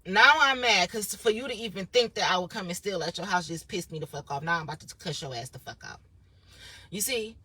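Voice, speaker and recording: A woman's voice: on the low side, fast, fairly bright tone, breathy edge. A young woman talking straight to a phone camera in a casual vlog, blunt, profane and rambling. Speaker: vlogger.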